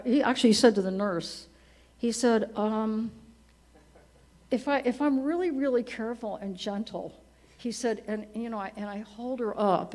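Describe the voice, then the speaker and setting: Older woman in her 70s sharing stories about her late husband at a church memorial, gentle and chatty, laughs softly. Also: mid-range voice. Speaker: widow giving a eulogy. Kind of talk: personal storytelling at a memorial service. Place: church service.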